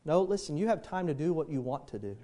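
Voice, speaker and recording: Fast-talking and warm, a middle-aged pastor preaches with wide pitch swings in a fairly high voice. He tells folksy stories and acts out the voices within them.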